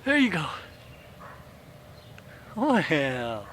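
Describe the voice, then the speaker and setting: A man's voice: high-pitched, very animated, slow. A man filming his dogs at home, coaxing them in sing-song baby talk. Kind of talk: casual talk to pets on camera.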